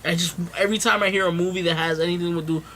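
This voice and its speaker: A man co-hosting a casual podcast, excitable and quick to laugh, swearing freely as he chats about movies. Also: high voice, a little hiss or hum. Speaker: podcast co-host.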